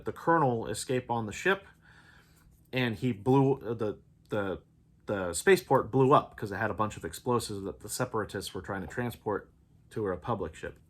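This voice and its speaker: A man's voice: fairly low pitch, a bit bright. A man giving a casual, enthusiastic spoiler review, recapping the plot in a rambling way.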